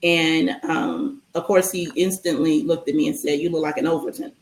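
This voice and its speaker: A woman guest telling a long personal story in a casual interview, animated and full of ums and restarts. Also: low voice, moderate pace, reverberant, low-quality recording.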